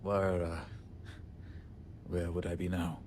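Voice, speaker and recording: A game's grumpy but good-humoured handyman, his voice sitting low and steady. He jokes at his own expense and owns up to his temper. A faint hiss lies under the line. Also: takes it slowly. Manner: wry, joking, self-deprecating. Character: irritable self-deprecating male handyman, joking. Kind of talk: video game character dialogue.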